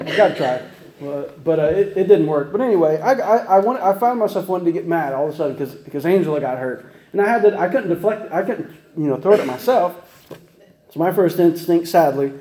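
A man delivers a casual, folksy sermon, tumbling quickly through stories with restarts and frequent "right?" asides. His voice sits a touch high yet sounds mellow and warm. The room around him rings with noticeable echo. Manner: folksy, chatty, many restarts and rhetorical "right?". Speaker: preacher.

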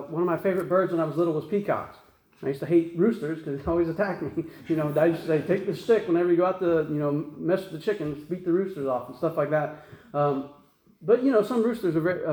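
A man's voice: on the high side, a little mellow, roomy sound, low-quality recording. A man, preaching a folksy, rambling sermon full of restarts and fillers. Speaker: pastor.

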